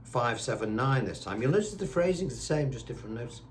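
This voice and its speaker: A man's voice: mid-range voice, animated, fairly quick, slight background noise. A man teaching a guitar lesson, chatty and reassuring, counting notes aloud while seated indoors. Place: indoors, seated on a squeaky chair.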